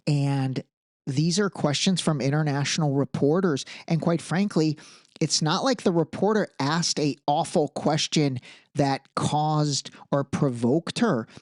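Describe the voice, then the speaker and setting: A man hosting a podcast, giving casual solo commentary in an animated, emphatic way with frequent asides. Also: a little high, measured pace, no echo, studio quality. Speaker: podcast host.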